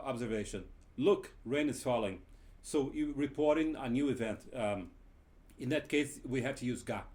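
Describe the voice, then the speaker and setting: Male teacher, mid-pitched, unhurried lesson delivery with frequent hesitations. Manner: hesitant, many filler pauses while explaining. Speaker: Japanese language teacher. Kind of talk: language lesson.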